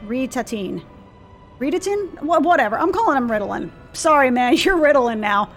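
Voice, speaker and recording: A young woman streamer joking her way through a game, casual and playful, with plenty of swearing. Her voice sits a little high, and faint game music runs underneath. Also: animated, normal speed, fairly bright tone.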